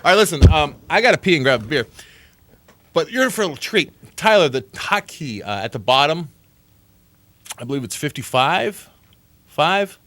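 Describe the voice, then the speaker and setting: A man hosting a late-night radio aftershow from a studio, animated and sarcastic, cursing freely and teasing callers. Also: fairly high pitch, moderate pace, pauses often, dry recording. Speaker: radio show host.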